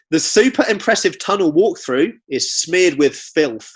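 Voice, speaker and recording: A man's voice: fairly high pitch, expressive, slow pace, slightly rough. A young man co-hosting a comedy podcast, chatting casually and reading reviews aloud with joking asides. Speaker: podcast co-host.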